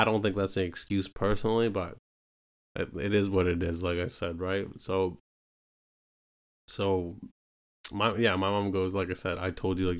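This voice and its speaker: A young man from Canada telling a personal story in a casual, rambling way, full of fillers and repeated asides. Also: sits low. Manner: rambling, full of fillers like "you know what I mean" and "right". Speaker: podcast host telling his own story.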